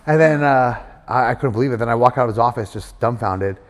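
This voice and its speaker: A middle-aged man telling his story in a casual interview, animated, acting out other people's voices, with many fillers. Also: mid-range voice, fast talker. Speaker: guest wrestler. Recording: hall reverb.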